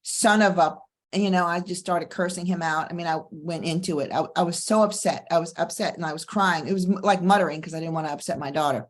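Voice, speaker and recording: Middle-aged woman, divorce coach host, lower register, emphatic motivational delivery. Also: steady tone. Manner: emphatic, preacher-like cadence with slow stressed phrases. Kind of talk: motivational monologue and personal story.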